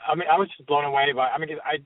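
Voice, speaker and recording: A man, a hypnotherapist guest, speaking earnestly and haltingly, with repeated "I mean". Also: fairly high pitch, fairly even intonation. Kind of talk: conversational interview. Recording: dry tinny phone line.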